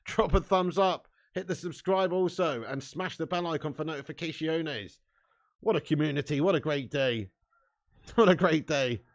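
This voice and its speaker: At a moderate pace and a touch high in pitch, a young man hosts a live football watch-along stream. Between commentary and reading chat messages, he swears and bants freely, lurching from glum muttering to shouting and laughing.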